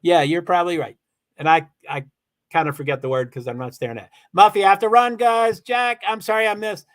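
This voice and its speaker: Guy with a kinda high voice doing a livestream, rambly, thanking everyone over and over. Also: fairly even intonation, a little fast, fairly bright tone. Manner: rambling, effusive thanks, frequent restarts. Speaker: livestream host. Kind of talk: casual livestream chat, reading viewer comments.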